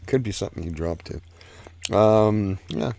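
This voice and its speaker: Low, rambling laid-back male host. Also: unhurried, creaky, warm tone. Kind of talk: casual live-stream chat.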